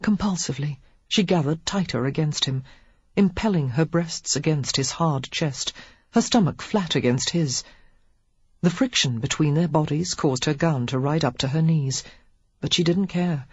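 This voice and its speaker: Audiobook narrator, steady measured reading, husky voice, dry dull lo-fi sound. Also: mid-range voice, no room sound.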